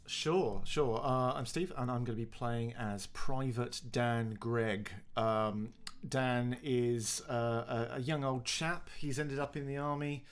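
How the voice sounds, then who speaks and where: A man with a mid-pitched voice chats casually as a tabletop game player. He jokes and hesitates, filling gaps with ums and uhs. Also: steady tone, takes it slowly, few pauses, smooth. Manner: joking, hesitant, with many fillers.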